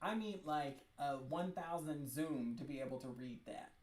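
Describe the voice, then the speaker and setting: A woman hosting a livestream, chatting excitedly and cutting in with quick asides while reading webcomics. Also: deep voice, echoey room. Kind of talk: casual livestream chat.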